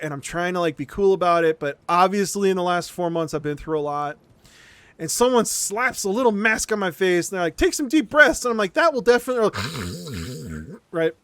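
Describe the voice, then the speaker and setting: A man streaming live, telling a story in an animated way, swearing often and laughing between lines. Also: sits high, no room sound.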